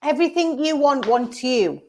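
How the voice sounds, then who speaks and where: A woman's voice: sits high, animated, normal speed. A woman co-hosting a casual livestream, explaining in an earnest, affirming way. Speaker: co-host of a mindset livestream.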